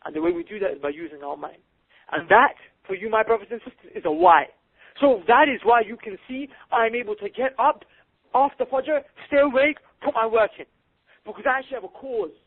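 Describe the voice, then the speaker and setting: A man's voice: very high voice, expressive, a little fast, vocal fry. A man giving a fired-up, emphatic motivational religious talk over a webinar. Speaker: guest speaker. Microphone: webinar audio. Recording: tinny phone-like webinar line.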